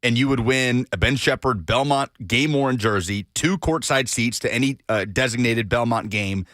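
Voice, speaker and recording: A man co-hosts a sports talk show, bantering casually and slipping into quick sponsor reads. His voice sits at a middle pitch. The studio sound is dry and close. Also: a bit bright, no echo. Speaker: sports radio co-host. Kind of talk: casual sports radio chat.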